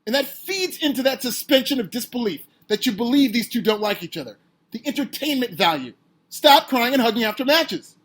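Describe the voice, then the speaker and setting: A man hosting a podcast, delivering an opinionated, sarcastic solo rant that climbs toward near-shouting. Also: extremely high pitch. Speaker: podcast host.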